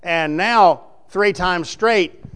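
A man's voice: high-pitched, drawn-out words, a bit bright, smooth, voice pushed up, exaggerated voice. A man voicing a petulant pet dog that whines about waiting for its treat.

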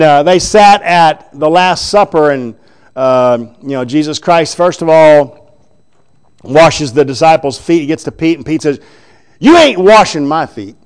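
A man preaching a sermon, retelling scripture in an animated, chuckling storytelling way. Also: a little high, clear, resonant tone.

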